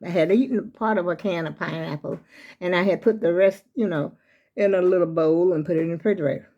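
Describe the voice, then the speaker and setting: A woman's voice: fairly low pitch, fast, muffled recording. An older woman, vlogging casually from home on her phone. She rambles as she talks and keeps speaking straight to her viewers as "y'all". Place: small room at home.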